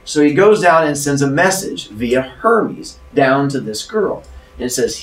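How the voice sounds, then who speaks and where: A man's voice: a little high, expressive, unhurried. A man retelling a myth as a teacher, in a playful, jokey way. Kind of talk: animated storytelling lesson. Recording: roomy, distant mic.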